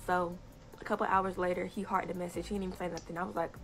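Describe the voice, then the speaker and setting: A young woman telling a casual story time on social media, animated and indignant, often breaking into laughter. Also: lowish voice, fast talker, soft background music. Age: young adult. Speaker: TikTok storyteller.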